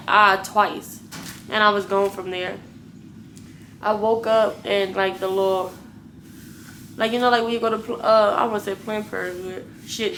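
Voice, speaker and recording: A woman's voice: medium pitch, a little hiss or hum. Blunt, profane young woman telling a story. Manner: profane, blunt, animated retelling. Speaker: vlogger. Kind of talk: casual storytelling to viewers.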